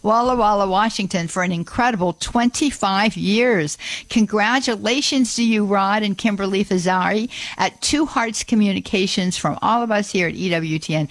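A woman hosting a live call-in radio show, chatty and upbeat, laughing often and reading out phone numbers slowly. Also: medium pitch, no room sound. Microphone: studio microphone. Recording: dry studio sound.

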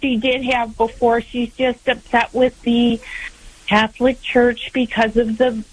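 Middle-aged female caller, slow and hesitant, call-in radio. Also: fairly high pitch, little pitch movement, a little hiss or hum, rough recording. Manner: hesitant, many ums.

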